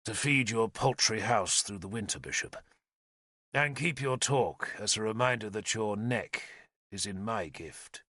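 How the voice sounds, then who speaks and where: A man voicing a stern, commanding male warlord who speaks in a quiet, measured, menacing way, in an audiobook. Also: on the low side, dry recording, clean studio sound, pitched below the performer's own voice. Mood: cold. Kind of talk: audiobook character voice.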